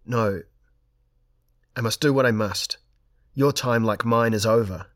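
A man's voice: on the low side, brisk, close to an everyday voice. A man reading aloud and voicing a grim, defiant sorcerer-king in an audiobook. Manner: calm then crying out defiantly.

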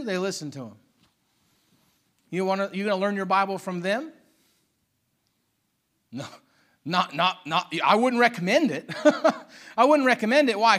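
Guy preaching a sermon, high voice, fervent and punchy, says things twice. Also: fairly bright tone. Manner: fervent preacher, dynamic, repeats phrases. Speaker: pastor.

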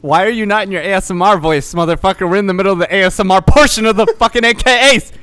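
A man co-hosting a podcast over an online voice call, riffing loosely, swearing and breaking into bursts of yelling. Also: high voice, quick pace, smooth, dry recording. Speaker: podcast co-host. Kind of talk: rowdy casual chat on a call.

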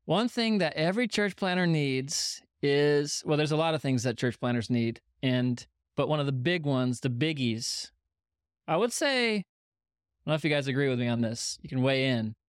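A man's voice: a little high, lively intonation, normal speed, clear, resonant tone, no room sound. A man hosting a casual podcast interview in an upbeat, joking way, speaking close to the microphone. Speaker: podcast host. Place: sitting on couches indoors. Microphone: microphone held close on mini tripod.

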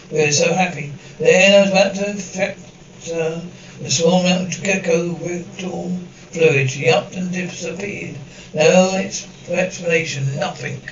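A man's voice: on the high side, muffled recording, a little hiss or hum, close to an everyday voice. An actor playing a bitter, obsessive male mad scientist who lectures pompously and pities himself. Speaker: doctor.

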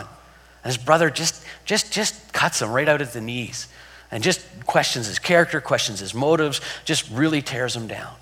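A man's voice: medium pitch, lively intonation, moderate pace, a bit bright, slightly rough. A man preaching a sermon in a conversational way, repeating words and asking rhetorical questions. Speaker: pastor. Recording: long hall reverb.

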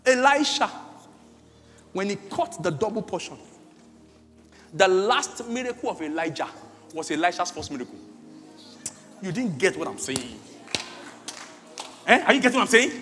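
A man preaching a sermon as pastor, swinging between loud shouts and quiet asides. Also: sits high, sing-song, fairly quick, pauses often. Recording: echoey hall with faint music.

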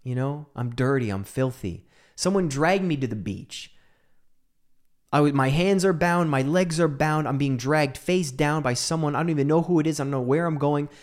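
A man telling a personal story into a microphone, shifting between hushed whispers and emphatic outbursts. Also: fairly high pitch, moderate pace. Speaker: speaker on mental health.

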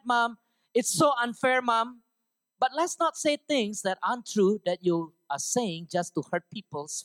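A woman preaching a sermon to students, emphatic and often checking for the audience's agreement, with bursts of loud, high exhortation. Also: no room sound.

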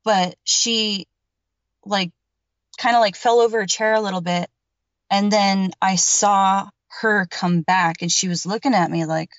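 A woman's voice: medium pitch, steady tone, unhurried, no room sound. A woman telling a personal story as a podcast guest, rambling and emphatic, with lots of filler words and casual swearing. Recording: dull, dry lo-fi recording.

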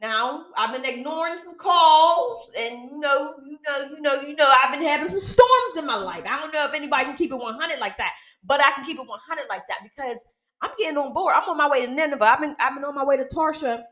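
Woman, podcast ministry host, casual preaching, slangy and animated, higher voice, roomy echo. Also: fast talker. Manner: animated, repeats herself, asks "okay?" often; slangy, down-to-earth. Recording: echoey room.

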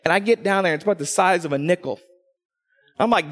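A man from Texas preaching a sermon as pastor, animated and storytelling, acting out what people say. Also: high voice, fairly quick. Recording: long hall reverb.

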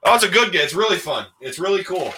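A man's voice: sits high, animated, fast talker, bright, forceful tone, breathy edge. A man in his forties hosting a podcast, telling old stories in a rambling casual way and laughing as he goes. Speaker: podcast host. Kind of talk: casual storytelling chat.

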